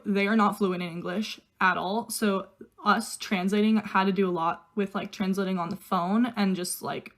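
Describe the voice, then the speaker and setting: Chatty young woman telling a storytime. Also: medium pitch. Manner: chatty, heavy use of "like", quoting others in her own voice. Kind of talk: casual get-ready-with-me storytime.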